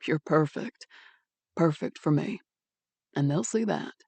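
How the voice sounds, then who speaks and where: A woman doing a soft-spoken young man. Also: measured pace, gravelly, breathy edge, no echo, full character voice. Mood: tender. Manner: soft, warm, low. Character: gentle tender young man in love.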